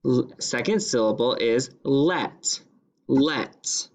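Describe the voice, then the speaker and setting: A male teacher giving a phonics dictation lesson, sounding out each word part by part in a slow, deliberate way. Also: medium pitch, expressive.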